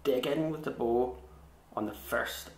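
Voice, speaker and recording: A man's voice: mid-range voice, a little slow, a little hiss or hum. Chatty man teaching fiddle. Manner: chatty and self-deprecating, with scat-sung rhythms. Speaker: fiddle tutor. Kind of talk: relaxed online music lesson. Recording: echoey room.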